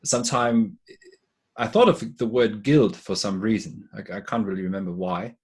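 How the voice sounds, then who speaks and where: A man with a low, husky voice talks as a podcast guest over a remote call. He explains ideas thoughtfully, stumbling and restarting his words now and then as he builds a point. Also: normal speed, darkish tone. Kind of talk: casual conversation.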